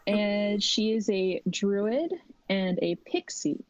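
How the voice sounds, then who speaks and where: A woman introducing her tabletop character, jokey and halting as she hunts for a word. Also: mid-range voice, a little mellow, no echo, highs cut off. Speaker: tabletop game player.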